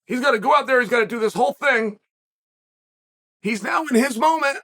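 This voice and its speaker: A middle-aged man from the western United States, hosting an animated solo commentary and telling the story with emphatic, shouted bursts. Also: very high voice, brisk. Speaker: host.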